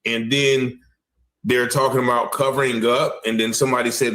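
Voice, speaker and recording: A male host walks viewers through a case with steady mid-range pitch, hedging again and again with "allegedly" and "once again." His delivery is conversational and speculative, like running commentary on clips. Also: normal speed. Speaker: news show host. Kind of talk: commentary on online news.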